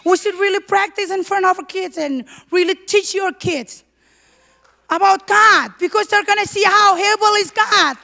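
Woman, preacher, sermon testimony, very high pitch, gravelly fry, fervent, emphatic. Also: moderate pace. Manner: fervent, breaks into shouted praise; leans on repeated emphasis words.

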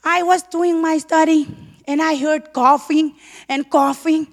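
A woman preaching a fervent sermon testimony, leaning on repeated emphasis and sometimes breaking into shouted praise. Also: sits high, steady tone, a little slow. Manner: leans on repeated emphasis words.

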